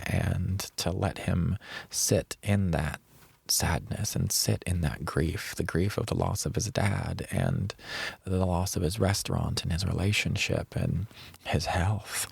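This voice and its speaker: A man's voice: sits low, vocal fry, breathy edge. A man hosting a podcast, telling a personal story in an earnest, reflective way and drawing out key words. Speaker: podcast host.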